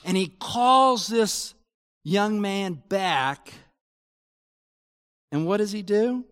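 A man preaching a sermon, his voice sitting high for a man. He talks slowly and earnestly, building to emphatic peaks, and the sound rings out through a hall with a long reverb. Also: animated, fairly bright tone, clean tone. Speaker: pastor.

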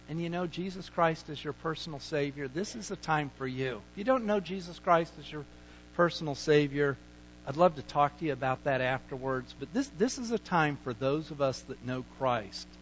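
A male pastor preaching a sermon, emphatic, with sudden shifts between loud points and quiet asides. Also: highs cut off, a little hiss or hum. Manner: acts out sheepish excuses in a low mutter.

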